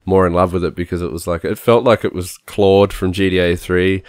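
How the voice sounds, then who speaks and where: A man's voice: deep voice, fairly even intonation, fairly quick, a little hiss or hum. A man co-hosting a podcast, chatting casually about a film with enthusiasm and frequent restarts. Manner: enthusiastic, repeats words and restarts. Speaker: podcast co-host. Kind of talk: casual film review chat.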